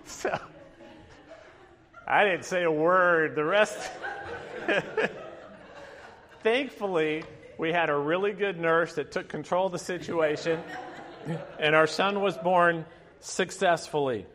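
Storytelling pastor in a reverberant hall. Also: male voice, high voice, takes it slowly, pauses often, a bit bright, slight background noise. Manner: storytelling, chatty with many fillers, laughing asides. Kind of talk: sermon with personal story.

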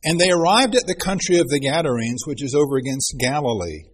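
A man preaching a sermon, reading scripture aloud in an earnest manner and clearing his throat often. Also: on the high side, expressive, quick pace.

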